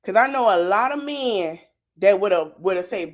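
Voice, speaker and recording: A woman's voice: mid-range voice, expressive, normal speed, a bit bright. A woman hosting a podcast, giving sassy, chatty reaction commentary. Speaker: podcast host.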